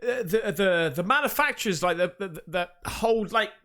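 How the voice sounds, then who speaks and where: Bright, lively high-voiced man reacting. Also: normal speed. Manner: excitable, rambling, jokey asides. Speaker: reaction video host. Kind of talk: casual reaction commentary.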